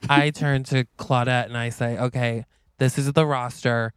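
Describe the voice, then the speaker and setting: A man's voice: mid-range voice, fairly even intonation, moderate pace, a bit bright, a little hiss or hum. A man co-hosting a podcast, telling an improvised story in casual chat and acting out the dialogue. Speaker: podcast co-host.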